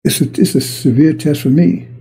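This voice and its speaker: Male preacher, gravelly and dark, colloquial sermon style. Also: on the high side, a little fast, low-quality recording. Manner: colloquial, repetitive preaching with acted-out dialogue.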